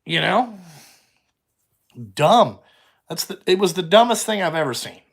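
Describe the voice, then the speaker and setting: Young trucking boss, fairly high-voiced man, blunt and profane, rambling live chat with viewers. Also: expressive, a little slow, creaky, breathy edge. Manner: blunt, heavy swearing, rambling. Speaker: trucking company owner. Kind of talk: casual livestream chat answering viewers.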